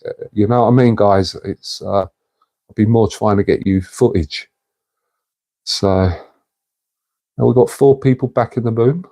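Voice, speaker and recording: A male livestream host chats casually with his viewers in a relaxed, warm, mid-range voice. Matey and talkative, he reads comments and answers them.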